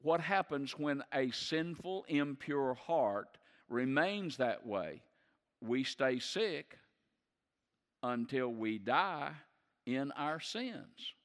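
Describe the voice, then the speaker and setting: A male pastor delivers a sermon, pacing his points with rhetorical questions and pushing harder as he goes. His voice sits at an ordinary pitch for a man. It rings out with long reverb in a large church hall. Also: animated, drawn-out words. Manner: preaching with rhetorical questions and rising intensity.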